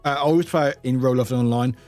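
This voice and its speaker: A man's voice: mid-range voice, rapid-fire, darkish tone, soft background music. A young British man casually chatting on his live stream, swearing freely, laughing often and calling out viewers by name. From United Kingdom.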